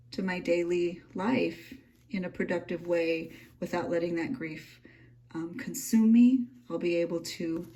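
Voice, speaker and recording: A young woman, gushing and emotional as she flips through a handmade journal at home. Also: lowish voice. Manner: gushing, emotional, soft-spoken. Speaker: journaling vlogger. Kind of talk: casual flip-through vlog. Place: home room.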